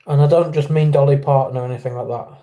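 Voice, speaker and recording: This English-accented livestream host greets viewers by name and chats casually. He talks quickly in a medium-pitched, steady, mellow voice.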